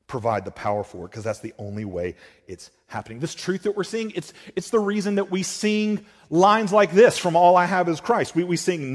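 A pastor preaching a sermon, swinging between loud emphatic lines and hushed ones. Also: male voice, sits high, lively intonation, moderate pace, big-room sound.

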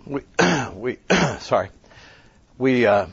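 A man speaking at a conference, telling a story in an animated way and quoting people as he goes. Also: medium pitch, drawn-out words, breathy edge. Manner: animated, tells the story with quoted voices. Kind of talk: storytelling talk. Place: conference room. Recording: dull lo-fi sound, faint noise.

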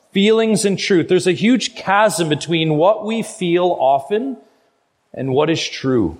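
A middle-aged man preaching a sermon as pastor, emphatic, his voice swinging between quiet low passages and loud high ones. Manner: emphatic preaching, rises and falls in pitch and loudness.

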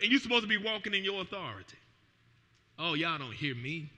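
Pastor, high-pitched man, bright ringing tone, animated sermon delivery, recorded in a reverberant church hall. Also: fairly quick. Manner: animated preaching, voice swelling and dropping.

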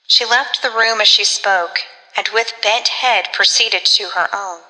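A woman narrating a gothic story in a measured, dramatic reading. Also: medium pitch, pushed and bright, long reverb tail, low-quality recording. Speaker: audiobook narrator.

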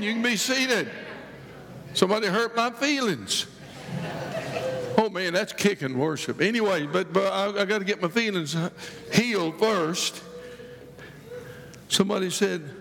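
A man's voice: high voice, measured pace, creaky, pauses often, a bit bright, long reverb tail. A man preaching a sermon to a church, joking and rambling through stories with many restarts. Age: older. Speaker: guest preacher. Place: church sanctuary.

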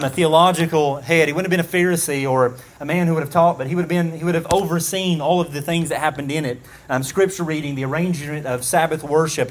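A man preaching an expository sermon, earnest and measured, with frequent ums and restarts. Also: a little high, a little hiss or hum.

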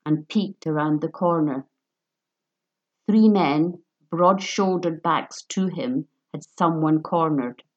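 Slow, low-voiced woman narrating a story. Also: darkish tone, muffled recording.

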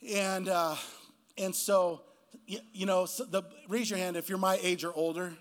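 Casting: male preacher, early fifties, high-pitched, animated storyteller who voices the people in his stories. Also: normal speed. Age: 50s. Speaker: guest pastor. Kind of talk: sermon. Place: church.

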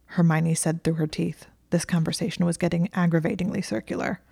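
A woman narrating an audiobook reading of fan fiction in a wry, expressive way. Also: low-pitched, moderate pace, creaky, no room sound, clean studio sound.

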